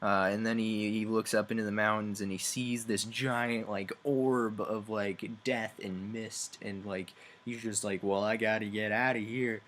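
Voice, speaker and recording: A young man giving a rambling, sarcastic comedic game review, acting out characters in quick voices. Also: lowish voice, little pitch movement, a bit bright, a little hiss or hum.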